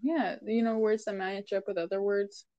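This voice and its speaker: A woman co-hosting a casual podcast, joking about herself and breaking into loud outbursts. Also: mid-range voice, flat delivery, normal speed, dry recording, dull audio. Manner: jokey and self-deprecating, prone to loud outbursts. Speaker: podcast co-host. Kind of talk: casual comedic chat.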